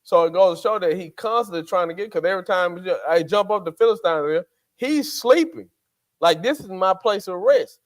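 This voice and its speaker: A man's voice: sits high, brisk. A man, co-hosting a faith podcast in casual chat, acting out quotes in character voices. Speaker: podcast co-host.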